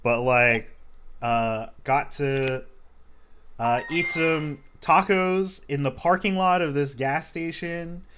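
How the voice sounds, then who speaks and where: A man casually commentating a card game match, relaxed and chatty with lots of fillers. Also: on the high side, slow, background noise.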